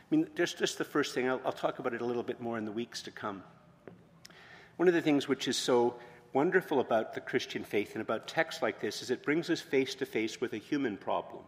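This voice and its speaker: A man, a pastor, preaching a sermon in a conversational way that rises to loud, emphatic proclamations. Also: medium pitch. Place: church hall with long reverb. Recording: reverberant church hall.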